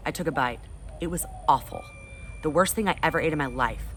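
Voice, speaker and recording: A woman's voice: low-pitched, fairly quick, faint music behind. A woman in her thirties, a teacher, reading a children's book aloud expressively to her class. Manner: expressive, animated. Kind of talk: storybook read-aloud.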